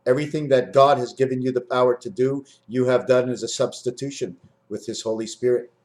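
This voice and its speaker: A man in his fifties rambling through a spiritual monologue to camera, swinging between high loud bursts and low muttering. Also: steady tone, a little fast. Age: 50s. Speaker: vlogger.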